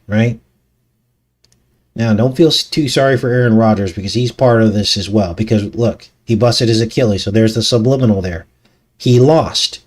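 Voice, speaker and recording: A man hosting a casual live talk show, reading news articles aloud with skeptical, conversational asides. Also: medium pitch. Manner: conversational, skeptical, laughs often, rhetorical asides. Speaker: channel host.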